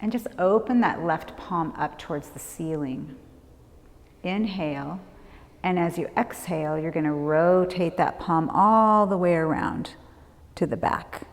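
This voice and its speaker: A woman leading a prenatal yoga class, giving calm, gentle movement and breath cues. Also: fairly low pitch, measured pace. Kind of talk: guided yoga class instruction. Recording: long hall reverb.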